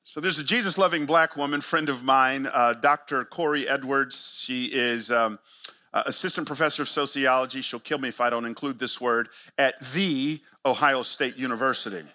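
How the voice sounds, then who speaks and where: A man preaching a sermon to church planters, emphatic and full of rhetorical questions. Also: moderate pace. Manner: emphatic, rhetorical questions, big swings in pitch and loudness.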